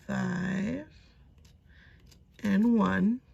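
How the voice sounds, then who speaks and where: A woman's voice: medium pitch, lively intonation, measured pace, creaky, fairly bright tone, highs cut off. A woman in her thirties chatting casually to camera at home, rambling and talking herself through her plans with many fillers. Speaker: cash budgeting vlogger.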